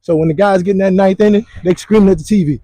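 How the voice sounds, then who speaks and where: A man co-hosting casual sports talk, animated and slangy, telling it like a story. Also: high-pitched, quick pace, dry recording, poor audio. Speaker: sports podcast co-host.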